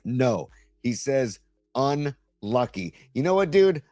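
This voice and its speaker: A man hosts a sports podcast with a lively voice that swings up and down as he rants in exasperation. The mic is close and dry, and faint music sits low behind him. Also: takes it slowly, dry recording. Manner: animated, exasperated ranting. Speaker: host. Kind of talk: casual sports chat.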